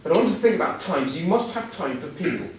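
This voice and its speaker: A man's voice: high voice, very animated, fast, a little hiss or hum. A middle-aged man giving a chatty, self-deprecating talk as a guest speaker, telling anecdotes to an audience. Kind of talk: after-dinner style motivational talk. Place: large event hall before an audience. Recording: echoey hall, voice from far off. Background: audience laughter.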